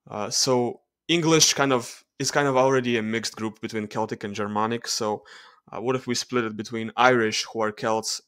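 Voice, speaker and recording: A man's voice: lowish voice, fairly bright tone, clean tone, no room sound. A man with a Russian accent, explaining charts in a hesitant voice-over with frequent fillers and self-corrections. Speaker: genetics video creator.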